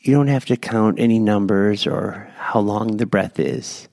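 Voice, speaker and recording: A man guiding listeners through a slow, gentle breath prayer. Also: lowish voice, vocal fry, dry recording. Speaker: prayer leader.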